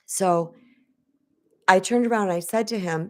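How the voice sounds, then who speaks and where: A woman relationship coach speaking frankly to her viewers in a casual, direct way, telling stories and talking in a lively, straight-talking manner. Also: mid-range voice, fairly quick. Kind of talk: casual direct-to-camera talk.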